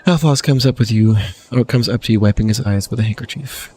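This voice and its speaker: A man's voice: on the low side, brisk, hardly any pauses, warm tone, slight background noise. A man hosting a game channel, reading game text aloud as he plays, often laughing and making wry asides. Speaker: gaming channel host. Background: faint game music.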